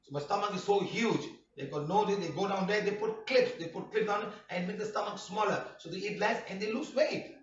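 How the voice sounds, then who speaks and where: A man teaching a healing workshop class, speaking emphatically, often shouting and firing rhetorical questions. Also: high-pitched, fairly quick, a little hiss or hum. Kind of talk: classroom lecture. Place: workshop room. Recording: roomy, distant, dull lo-fi room recording.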